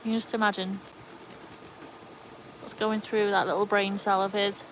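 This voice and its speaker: A woman with an English accent shaded by Welsh talks casually to her livestream viewers, answering their comments as she goes. She speaks at a middling pitch from an outdoor backyard. Faint traffic noise hums in the background. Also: level tone, moderate pace, fairly bright tone, rough recording. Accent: English with a Welsh tinge. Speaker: livestream host.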